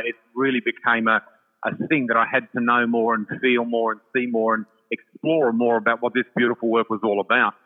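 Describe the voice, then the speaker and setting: An older man with an Australian accent tells his story in a chatty, effusive manner, with many ums along the way. His voice sits in a middling register. It comes through a tinny, phone-like line with a long, hall-like reverb. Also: mid-range voice. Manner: warm, chatty, effusive, full of fillers. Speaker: psychic guest. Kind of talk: casual storytelling chat.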